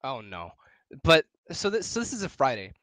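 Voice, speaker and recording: A man's voice: mid-range voice, wildly swooping pitch, moderate pace, a bit bright, no room sound. A young man from Wisconsin telling a story in casual, profane podcast chat. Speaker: podcast co-host.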